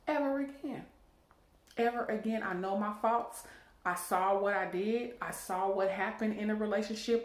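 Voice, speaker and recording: A woman venting to her viewers, preachy and emphatic, hammering points and tagging lines with "okay?". Her voice sits in a middle range and rings in a roomy, echoey space. She sounds worn out and drained. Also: mid-range voice. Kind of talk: emotional personal vent. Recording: echoey room.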